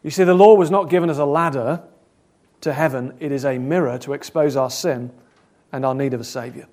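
A man preaching a sermon, earnest, asking probing questions and swinging between loud and soft. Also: mid-range voice, brisk.

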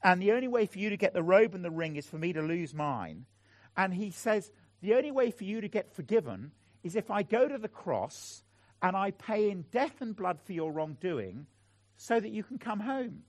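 A middle-aged man delivers a sermon in a fairly high, lively voice that rises and falls as he speaks. His earnest, pleading appeals to the congregation are recorded close and dry. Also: moderate pace, dry recording. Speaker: preacher.

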